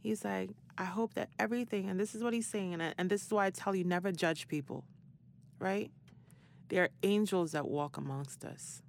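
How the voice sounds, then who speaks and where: A woman's voice: medium pitch, moderate pace, gravelly. A woman hosting a podcast, telling a story in a casual, slangy way and laughing often. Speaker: podcast host.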